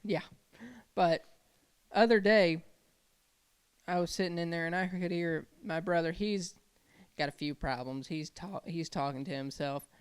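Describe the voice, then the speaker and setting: Smooth-voiced man telling a ghost story. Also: a little high, a little slow, long pauses. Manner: relaxed storyteller who laughs between lines. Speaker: podcast co-host. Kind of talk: casual chat, telling ghost stories.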